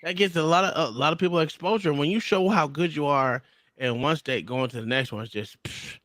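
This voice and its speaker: A man's voice: fairly high pitch, a little fast, fairly bright tone, dry recording, clean studio sound. A man hosting a livestream chat, talking in a loose, slangy way with many restarts. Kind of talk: casual panel chat.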